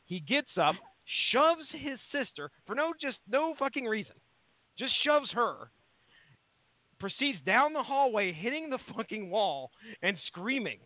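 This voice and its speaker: A high-pitched man in his thirties, talking in a loose, rambling way and cursing often. He comes through a thin, phone-like line with no room sound at all. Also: very animated, a little slow, no room sound. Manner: rambling, swears freely. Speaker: podcast co-host. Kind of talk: casual profane chat. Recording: tinny phone-like line, dry.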